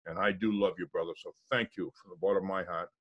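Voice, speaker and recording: A man speaks with open emotion and affection. His voice sits a little low, and the sound is dry and close over a video call. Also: fairly even intonation, fast talker, no room sound, lo-fi sound. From Boston. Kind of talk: heartfelt thanks on a video call.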